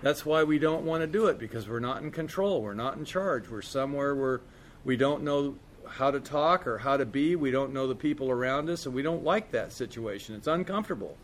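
A man's voice: medium pitch, expressive, fairly quick, slight background noise. A man candidly telling a recovery story in a casual, profane way, peppered with "man" and "you know". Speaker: speaker sharing his recovery story.

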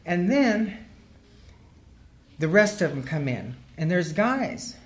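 A woman's voice: on the low side, very animated, takes it slowly. A woman sharing her recovery story as humorous personal storytelling, earthy and wry, laughing as she goes.

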